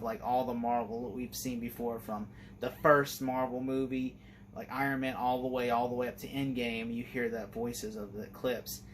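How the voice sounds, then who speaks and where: A man's voice: mid-range voice, slight background noise. A man giving a casual spoken review of a TV series, rambling and enthusiastic, filling his talk with "like". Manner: rambling and enthusiastic, heavy use of "like".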